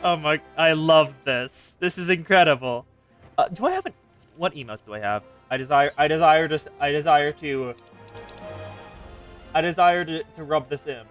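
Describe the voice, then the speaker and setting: A man streaming a game, reacting excitedly with frequent exclamations and laughs as he reads and comments. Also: on the high side, moderate pace, faint music behind. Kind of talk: live gameplay reaction commentary.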